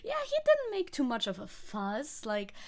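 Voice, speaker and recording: A woman's voice: fairly high pitch, wildly swooping pitch, normal speed, a little mellow. A young woman streaming as a VTuber, chatting casually, reacting to chat, swearing and laughing often.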